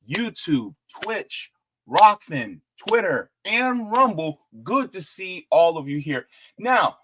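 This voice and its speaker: A man hosting a live-stream politics show, chatting casually, animated and jokey as he reads out the chat. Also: a little high.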